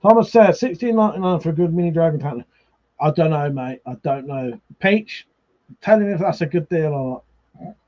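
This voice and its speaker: Fairly high in pitch yet darkish in tone, a man talks fairly quickly while hosting a livestream drunk. He chats, reads comments from viewers, swears a lot and laughs often, and the stream audio is slightly muffled.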